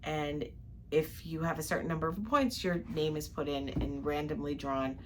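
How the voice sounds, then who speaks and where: A woman's voice: sits low, normal speed, background noise. An older woman co-hosting a travel vlog, chatting in detail about her day from a ship cabin. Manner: chatty, detailed storytelling with frequent laughs. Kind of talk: casual recap chat.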